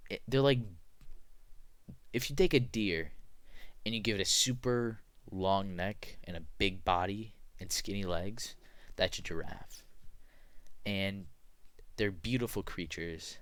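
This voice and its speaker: A young man with a fairly low voice talks through an animal ranking in a loose, casual way. He is excitable and slips into loud, mock-angry outbursts. The recording is close and dry, with no room sound. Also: no room sound. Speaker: student presenter. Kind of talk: casual tier-list rant.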